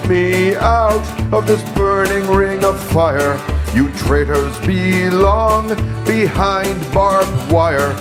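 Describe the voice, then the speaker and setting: Guy doing a crude bragging warlord leader singing slow over loud country music, real drawn out. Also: high voice. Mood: boastful. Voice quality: brash, crude. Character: boastful warmongering male leader singing a parody. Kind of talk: sung comedy parody over music.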